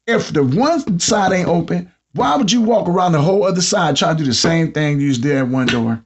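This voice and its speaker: Husky high-voiced Southern man riffing. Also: fast, few pauses. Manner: animated storytelling, mimics customers. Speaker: podcast host. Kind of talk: comedic monologue. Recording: dull lo-fi sound.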